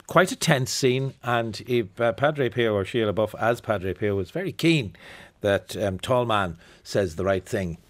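Man hosting a film review chat. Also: fairly low pitch. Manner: relaxed, laughing, brisk segues. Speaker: radio presenter. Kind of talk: casual radio chat.

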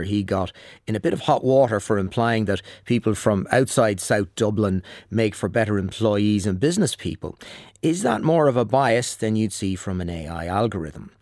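A man presenting a radio business programme in a clear, measured read. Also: on the low side, darkish tone, no echo, clean studio sound.

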